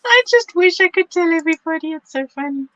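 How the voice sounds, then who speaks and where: A woman's voice: very high-pitched, expressive, fast, sharp tone, no echo, muffled recording. A woman hosting a live craft stream, reading viewer comments aloud, enthusiastic and teasing. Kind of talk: casual live-stream chat.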